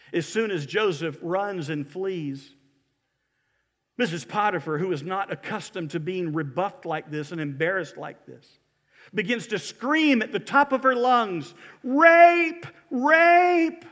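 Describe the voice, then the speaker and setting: A male pastor with a high-pitched voice preaches with animated, emphatic storytelling. He leans hard on key phrases and speaks from inside a church building. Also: a little slow, big-room sound. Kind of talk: sermon.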